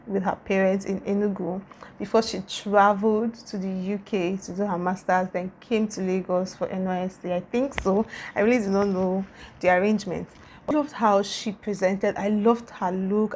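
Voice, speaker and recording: A woman's voice: mid-range voice, a little mellow, a little hiss or hum. A young woman with a Nigerian accent chats casually to her vlog audience. She gushes and circles back, repeating her praise over and over in a mid-range, everyday voice. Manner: gushing, repetitive, effusive. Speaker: YouTuber.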